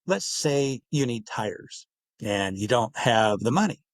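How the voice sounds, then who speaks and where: This podcast guest author has a mid-range voice with lively intonation and a slow pace, recorded dry. During the interview he gives long explanations and performs snippets of dialogue in quotes.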